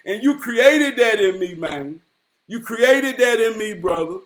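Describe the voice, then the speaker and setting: A man in his forties giving an impassioned, profane motivational monologue, dropping to hushed murmurs and then rising to shouts. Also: sits high, expressive, a little slow. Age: 40s. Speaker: motivational vlogger.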